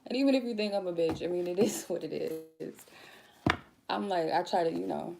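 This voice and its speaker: A woman's voice: on the low side, fairly even intonation, normal speed, vocal fry, background noise. A woman tarot reader giving a casual spiritual talk, blunt and goofy, swearing freely.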